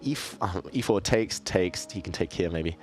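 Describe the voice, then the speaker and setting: Deep-voiced man, thinking aloud. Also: moderate pace, soft background music. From southeast England. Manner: thinks aloud, self-deprecating, chatty with viewers. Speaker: chess player and streamer. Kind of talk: casual live-stream commentary while playing.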